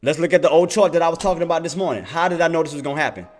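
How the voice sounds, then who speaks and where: Emphatic trader talking to viewers. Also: male voice, on the high side, racing, soft background music. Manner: repetitive, emphatic, addresses viewers as y'all. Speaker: day trader and livestream host. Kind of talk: casual trading commentary.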